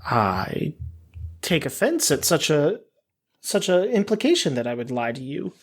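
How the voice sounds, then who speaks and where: A man voicing a guarded, terse woman drifter who answers dryly and deadpan. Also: a little high, a little slow, exaggerated voice. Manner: dry, deadpan, curt.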